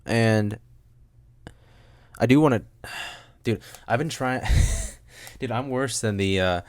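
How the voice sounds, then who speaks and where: A man's voice: medium pitch, takes it slowly, dry recording, studio quality. A man hosting a solo podcast at a home desk mic, rambling with goofy asides and frequent laughs. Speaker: podcast host. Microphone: studio microphone.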